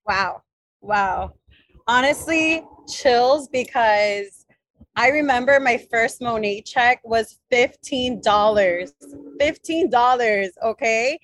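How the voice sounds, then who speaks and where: A woman's voice: a little high, expressive, slow, fairly bright tone, dry recording. A woman hosting a podcast, reacting in a moved, reflective way in casual chat. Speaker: podcast host.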